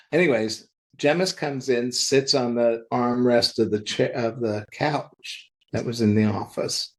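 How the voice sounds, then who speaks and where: A man's voice: mid-range voice, rough recording. A man in his seventies, a guest on a comics interview show, telling stories and acting out what people said. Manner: animated storyteller who acts out dialogue in quotes. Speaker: guest, comics industry veteran. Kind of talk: anecdotal storytelling in conversation.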